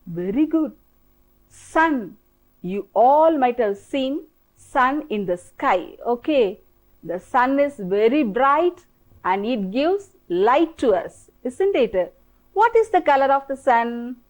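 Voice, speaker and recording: A woman teacher with an Indian English accent, speaking high and sing-song with lively rises and falls. She works slowly and patiently, repeating each word and coaxing the class to say it back. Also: low-quality recording. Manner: slow, repetitive, coaxing drill-style prompting. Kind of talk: televised classroom English lesson.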